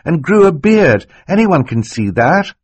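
A man's voice: a little high, big pitch swings, unhurried, breathy edge, dry recording, pitched above the performer's own voice, exaggerated voice. A man reading an audiobook voices a determined, earnest teenage girl in an urgent, pleading way.

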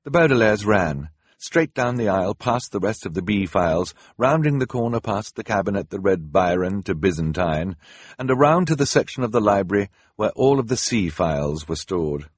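Male audiobook narrator, low and husky, lively dramatic delivery, dry close recording. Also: moderate pace, no room sound. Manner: expressive storytelling with dramatic rises. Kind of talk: scripted narration.

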